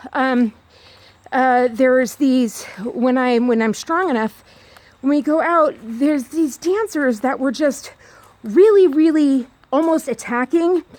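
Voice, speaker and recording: High-pitched lady rambling and repeating herself, walking outdoors with her phone. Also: darkish tone, no echo. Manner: rambling, repetitive, fast-talking. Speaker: vlogger. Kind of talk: rambling walk-and-talk vlog. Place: outdoors on a hillside trail.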